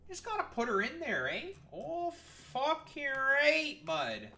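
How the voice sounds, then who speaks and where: A man voicing a brash, aggressive stereotypical Canadian guy in an exaggerated Canadian accent, loud and taunting with drawn-out vowels. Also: very high-pitched, huge pitch swings, voice pushed up, full character voice.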